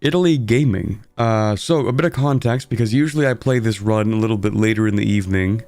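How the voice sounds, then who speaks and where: Streamer, young man, lowish voice, dry close sound, drowsy rambling game commentary. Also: brisk, a little mellow, no room sound, faint music behind. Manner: sleepy, rambling, self-deprecating.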